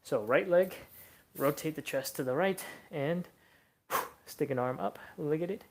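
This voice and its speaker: A young adult stretching instructor leading a live class, coaching casually and counting reps between breathy exhales. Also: mid-range voice, measured pace, darkish tone.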